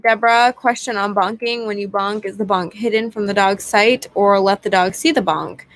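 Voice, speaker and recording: A woman co-hosting a live stream, reading viewer questions aloud in a plain, even way. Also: mid-range voice, moderate pace, dry recording.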